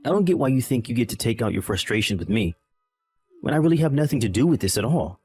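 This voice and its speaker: A man's voice: mid-range voice, big pitch swings, quick pace, darkish tone, breathy edge, soft background music. A man voicing a callous young husband in a text-message drama, irritated and condescending. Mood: dismissive.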